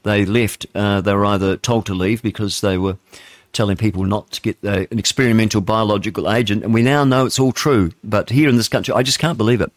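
A man's voice: lowish voice, steady tone, a little fast, no echo. A man with a New Zealand accent hosting live talk radio, rambling and opinionated, with plenty of fillers and chuckles. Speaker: radio talk show host. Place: radio studio.

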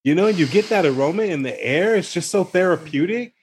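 A man's voice: high-pitched, lively intonation, fairly quick, a crowd in the background. A man guesting on a casual chat, enthusiastic and encouraging, calling people "man". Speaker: guest, barbecue content creator.

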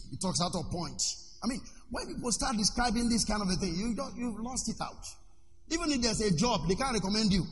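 A man, a pastor preaching a sermon with sudden shouts and questions to the congregation. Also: high voice, big-room sound, slight background noise. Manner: preaching with shouts and call-and-response.

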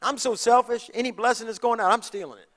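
A man preaching a sermon, moving from hushed asides to shouted, passionate lines. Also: extremely high pitch, fast talker. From Texas. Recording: long hall reverb.

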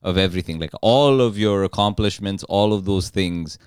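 A man's voice: deep voice, normal speed, clean tone, no echo, clean studio sound. A man co-hosting a comedy podcast, joking with exasperated protests. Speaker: podcast co-host.

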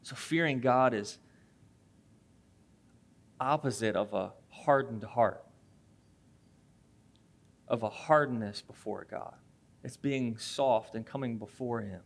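A man's voice: mid-range voice, slow pace, creaky, pauses often. A male pastor in his thirties preaching a sermon in a conversational way, telling a family story and acting out little voices along the way.

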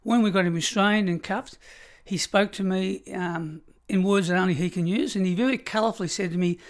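Australian man, middle-aged, former prison officer, emphatic measured storytelling, interview guest. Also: sits high, fairly even intonation.

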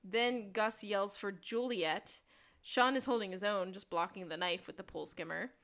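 A woman's voice: medium pitch, normal speed, a bit bright. Chatty woman podcast co-host. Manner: chatty, acts out quotes with laughter. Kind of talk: casual recap chat.

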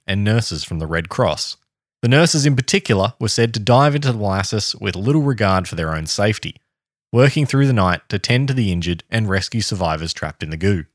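In a steady tone broken by dry asides, a podcast host reads a history story aloud to his co-host. His voice is lowish and the recording has no echo.

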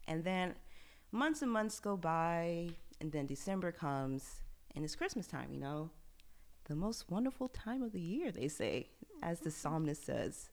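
Low gravelly woman telling a story. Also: unhurried. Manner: animated, laughing, drops to a near whisper on sad parts. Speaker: podcast co-host. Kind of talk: casual podcast chat, personal storytelling.

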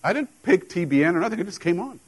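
A middle-aged man delivers a sermon in church, his carrying a tinge. He talks to the congregation like old friends, mixing jokes and laughs into the preaching. His voice sits slightly high for a man. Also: sing-song, fast, husky, low-quality recording. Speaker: pastor.

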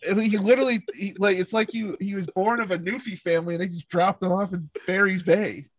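High-voiced, rambling male storyteller. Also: steady tone, fairly quick, no echo. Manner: rambling storyteller, heavy on "like" and swearing. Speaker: former camp counselor telling stories. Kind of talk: casual chat.

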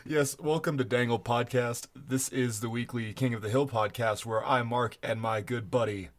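A man's voice: mid-range voice, steady tone, normal speed. A young man co-hosting a casual podcast early in the morning. He sounds a little tired and talks with wry, easygoing humor. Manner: wry, joking, laughs often. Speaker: podcast co-host.

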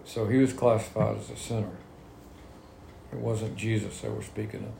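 A man's voice: on the low side, flat delivery, moderate pace, creaky, background noise. A man leading a Bible study, reading verses aloud and explaining them in plain, conversational talk. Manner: reads scripture then explains it in plain talk. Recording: echoey room with faint ambience.

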